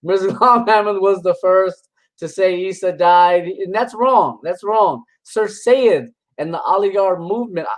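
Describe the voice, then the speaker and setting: A man's voice: high-pitched, rough recording. Guy scoffing and rambling through a reaction rant, mocking tone, restarts a lot. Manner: combative and mocking, scoffing laughs. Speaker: religious commentator reacting to videos. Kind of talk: casual reaction commentary.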